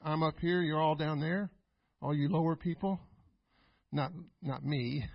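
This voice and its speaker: A man pastor preaching a sermon, emphatic and repetitive, building to loud exclamations. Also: on the high side, steady tone, unhurried, gravelly, no room sound. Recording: dull, dry lo-fi recording.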